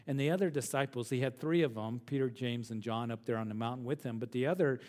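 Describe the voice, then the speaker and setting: Earnest pastor teaching verse by verse. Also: male voice, medium pitch, fast talker, darkish tone. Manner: earnest, asks the listeners tag questions, repeats words when restarting; reads scripture passages aloud.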